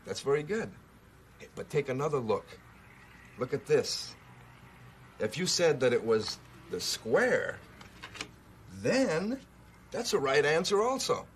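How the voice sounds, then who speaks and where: Patient, lively-toned man teaching kids. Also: a little high, takes it slowly, long pauses, slight background noise. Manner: patient, coaxing, asks questions. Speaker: children's show presenter. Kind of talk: teaching a young viewer.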